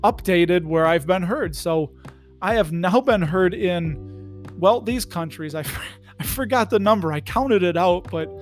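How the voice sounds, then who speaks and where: Goofy solo podcast host, man, high voice, rambling, faint music underneath. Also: unhurried. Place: his home in the Chicago suburbs.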